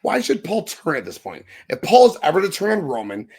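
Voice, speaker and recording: A man's voice: medium pitch, sing-song, fairly quick, few pauses, slightly rough. A man co-hosting a podcast, delivering a heated, profane wrestling review rant. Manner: profane, impassioned, ranting. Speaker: podcast co-host.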